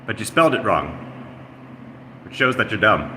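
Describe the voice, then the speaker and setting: A man's voice: fairly low pitch, big pitch swings, unhurried, pauses often, bright, forceful tone. Rambling, teasing man in an echoey room. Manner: rambling, teasing, mock-taunting. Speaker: streamer. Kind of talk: casual live-stream chatter. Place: apartment room. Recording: echoey room with air-conditioner hum.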